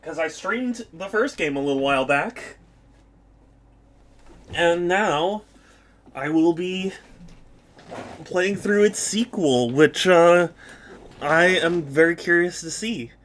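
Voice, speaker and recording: Male game streamer, high voice, relaxed slow delivery, playful chatter with chat. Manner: playful and chatty, laughs often, talks to viewers by name. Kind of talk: casual live-stream chat.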